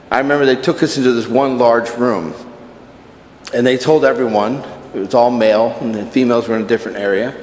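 A man's voice: mid-range voice, slight background noise. A man giving a conversational sermon at Mass as a Catholic priest, telling personal stories. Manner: conversational preaching with personal anecdotes. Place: church. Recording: echoey church from a distance.

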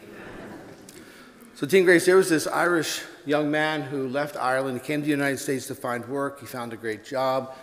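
A man's voice: medium pitch, fairly even intonation, moderate pace, long reverb tail. A man, a pastor, giving a sermon, telling a joke before moving into earnest preaching.

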